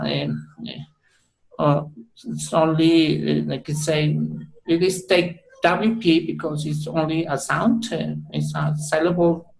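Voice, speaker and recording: A male student with a mother tongue, presenting in a class over a video call. He talks haltingly, full of fillers and self-corrections. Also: fairly high pitch, creaky, slight background noise, low-quality recording. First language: Spanish.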